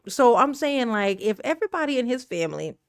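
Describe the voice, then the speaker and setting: A woman's voice: on the high side, big pitch swings, brisk, smooth, no echo, clean studio sound. A woman hosting a casual live stream, reading viewer comments aloud, laughing often and talking in a slangy, emotional way. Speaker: livestream commentary host.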